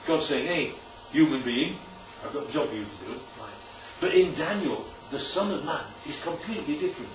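A man preaching a sermon, animated and emphatic, often checking in with "right?". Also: a little high, a little fast, a little hiss or hum. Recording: echoey room, distant mic, dull sound.

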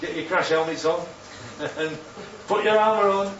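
A man preaching a sermon, animated and full of rhetorical questions, his voice leaping up for emphasis. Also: sits high, a little slow, a little hiss or hum. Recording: roomy, distant, dull sound with faint ambience.

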